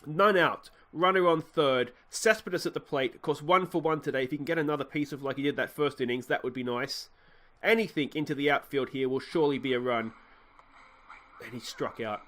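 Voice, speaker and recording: A young Australian man giving rambling commentary on his baseball game, getting excited on big plays. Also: medium pitch, a little fast. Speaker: let's play host.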